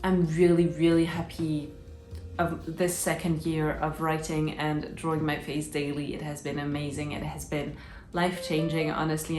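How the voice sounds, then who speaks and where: A fairly low-voiced woman talks casually to her viewers in English, with a French accent that slides between British and American. She sounds upbeat and chatty and restarts her sentences often. The room is echoey, with soft instrumental music playing underneath. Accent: French, shifting between British and American. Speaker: illustrator and YouTuber. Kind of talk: casual chat to camera.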